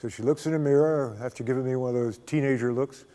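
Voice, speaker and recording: An older man giving a spiritual talk as a guest speaker, a folksy, unhurried storyteller who often chuckles. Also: mid-range voice, fairly even intonation, mellow. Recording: long reverb of a hall.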